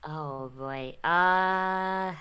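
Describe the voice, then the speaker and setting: A woman with a fairly low voice chats on a stream as a guest. She rambles and restarts, packs her sentences with filler, and swears freely. Her delivery stays loose and conversational. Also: very slow, pushed and bright, clean tone. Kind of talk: casual chat.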